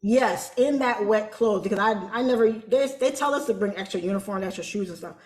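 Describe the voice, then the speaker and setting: Woman, interview guest, casual colloquial storytelling, animated, mid pitch, echoey room. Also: brisk. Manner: animated, colloquial, acts out quoted voices.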